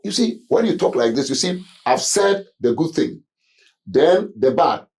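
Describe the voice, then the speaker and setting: A Ghanaian man with a dark, mellow voice tells lively stories on a talk show. He acts out the voices of his family as he goes, and his English is mixed with Twi. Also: fairly high pitch, a little slow. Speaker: guest, youth movement leader. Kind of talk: storytelling talk-show guest. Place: studio.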